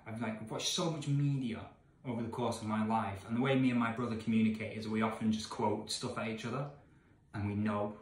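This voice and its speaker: A thirtysomething man from England, vlogging as he reads a gamebook, delivers an exasperated, incredulous rant to camera that shifts from shouting to mumbling. His lowish voice is fairly quick with fairly even intonation, echoing around a candlelit room away from home.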